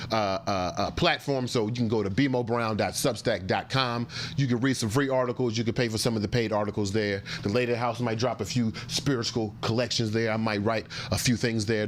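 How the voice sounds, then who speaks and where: A man hosting a laid-back morning show, riffing and joking. His pitch jumps all over the place and stays lively, with a faint hum of background noise behind him. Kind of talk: casual talk-show chat.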